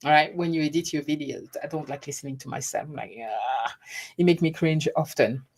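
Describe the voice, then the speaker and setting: Middle-aged woman, slightly low voice, chatty vlogger, laughs at herself. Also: fairly even intonation, fast talker. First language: French. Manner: chatty, laughing, self-deprecating. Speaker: YouTube host. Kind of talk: casual live stream chat.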